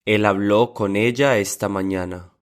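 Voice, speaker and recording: A man reading example sentences aloud in a language lesson, saying each one twice in a measured way. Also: fairly low pitch, steady tone.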